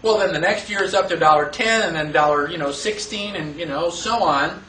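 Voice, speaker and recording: An animated man with a high voice lectures a class, firing rhetorical questions at the room and acting out the voices of the people he quotes. He is recorded from far off in an echoey classroom. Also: fairly quick, a little hiss or hum. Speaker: teacher.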